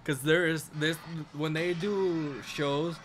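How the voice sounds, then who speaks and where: A man co-hosting a reaction video, chatting casually in an animated way, swearing freely and laughing often. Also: on the high side, slow pace, slight background noise. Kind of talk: casual chat. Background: loud rock music from the video.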